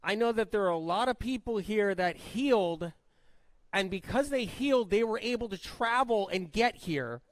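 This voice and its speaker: High-voiced man welcoming a live crowd. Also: lively intonation, normal speed, dry recording. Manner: emotional, repeats himself, laughs often. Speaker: event host. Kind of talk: live stage welcome speech.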